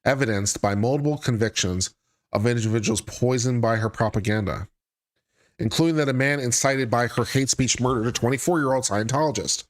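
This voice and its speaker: A man hosting a live stream reads a court filing aloud at a brisk clip. He keeps stopping to toss in wry, sarcastic remarks. His voice sits in an ordinary middle pitch. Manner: reads legal text aloud then breaks off into sarcastic asides. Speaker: legal commentary host.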